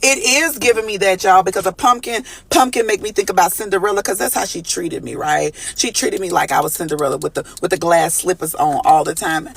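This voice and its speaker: Fast, high-voiced man reading tarot. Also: gravelly, breathy edge. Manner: animated, profane, preachy, addresses viewers as y'all and baby; breaks into sing-song phrases. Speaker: tarot reader. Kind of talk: casual tarot reading to viewers.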